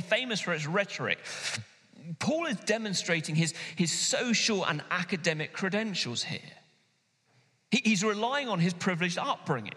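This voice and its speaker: In a church hall with long reverb, a male pastor with a bright, higher voice preaches an animated, emphatic sermon. His delivery is punctuated by sudden pauses and slowdowns.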